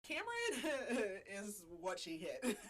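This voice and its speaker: This podcast host's fairly high voice swings hugely in pitch as she recaps a book's plot extremely slowly, chatting, laughing and using many filler words. A little hiss or hum is audible.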